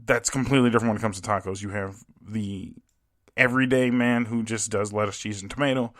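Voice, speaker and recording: A young man hosts a solo podcast on a home podcast mic, ranting casually and emphatically, full of swearing and laughs. His voice is fairly low, with fairly even intonation and a quick pace.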